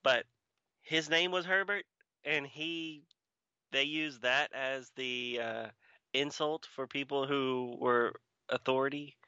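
A man's voice: medium pitch, fairly even intonation, takes it slowly, bright, forceful tone, clean tone, no room sound. A man co-hosting a podcast, chatting casually with dry, teasing humor. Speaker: podcast co-host. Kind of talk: casual chat. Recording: slightly dull lo-fi sound.

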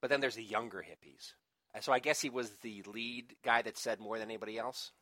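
A man's voice: medium pitch, fairly even intonation, fairly quick, bright, forceful tone, no room sound. A man co-hosting a podcast, chatting casually and rambling with restarts and laughter. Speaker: podcast co-host. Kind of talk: casual chat.

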